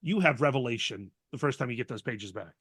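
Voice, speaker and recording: Bright-voiced man on a dry mic. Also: medium pitch, lively intonation, a little fast, husky, no room sound. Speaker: podcast host. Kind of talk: casual podcast interview.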